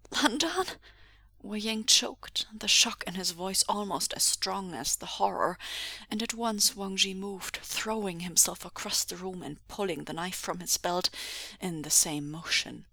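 A woman reading a fan story aloud in a breathy, half-whispered narration. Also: fairly low pitch, sharp tone, no room sound. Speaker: podfic reader. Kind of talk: audiobook narration.

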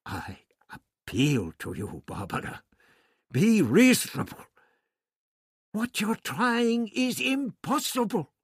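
A stern, imperious old time-traveller barks and pleads in turn, as a male narrator voices him. The pitch climbs and swoops. The audiobook sound is dry and close. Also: big pitch swings, slow, husky, no echo, heavily acted. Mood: imploring. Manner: commanding, exasperated. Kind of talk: audiobook character voice.

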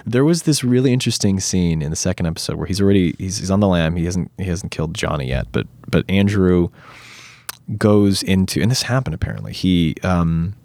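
A man's voice: low-pitched, a little fast, creaky, no echo. A man talking casually in an interview as an actor, telling stories animatedly with lots of fillers and some swearing. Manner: animated storytelling, many fillers, swears freely.

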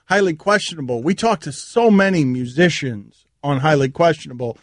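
A man's voice: a little high, moderate pace, no echo. A man hosting a sports radio show in a studio, bantering and teasing his co-hosts in a wry, rambling way. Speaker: host. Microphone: studio mic.

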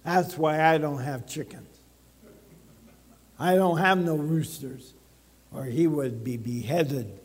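High-voiced man preaching in a reverberant church. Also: slow pace, long pauses, breathy edge. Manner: emphatic, checks in with the congregation. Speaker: pastor. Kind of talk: sermon. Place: church sanctuary. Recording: long reverb of a church hall.

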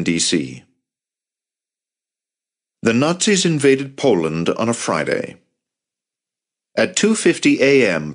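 A man reading an audiobook in scripted narration, measured and grave. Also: deep voice.

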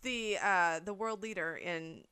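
Unhurried and smooth, her mid-range voice carries a sharp edge. She co-hosts a casual podcast chat, working through her view at length with lots of fillers and the occasional curse.

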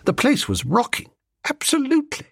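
A man narrating a comic story in an animated, playful way. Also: very high-pitched, normal speed, creaky, slightly rough, no echo, studio quality. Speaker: audiobook narrator. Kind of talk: scripted narration.

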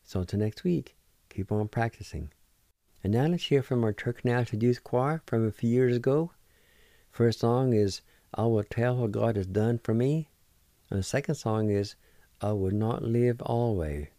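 Male radio host, language teacher; patient and encouraging, mellow tone, dry close sound. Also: medium pitch, moderate pace, dry recording. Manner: patient, spells words letter by letter and repeats them. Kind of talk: slow spelling and pronunciation lesson.

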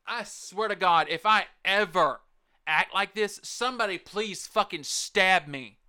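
Man, podcast host, casual profane rant, very bright tone, slightly high voice. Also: a little slow, clean tone, dry recording, studio quality. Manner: profane, rambling, emphatic. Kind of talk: casual ranting monologue. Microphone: close podcast mic.

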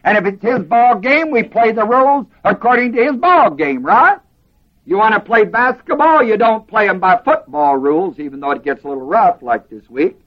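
A man's voice: sits high, lively intonation, moderate pace, highs cut off. A man preaching a sermon to a class, emphatic and asking them questions. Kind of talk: sermon teaching.

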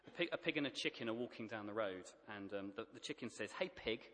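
A man's voice: on the low side, fast, a bit bright, in a large hall. A man preaching a sermon, emphatic and plain-spoken, stacking up repeated phrases.

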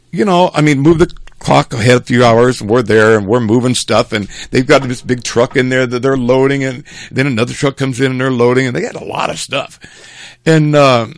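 An older man casually telling a rambling family story, animated and chuckling as he goes. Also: mid-range voice, creaky, no room sound.

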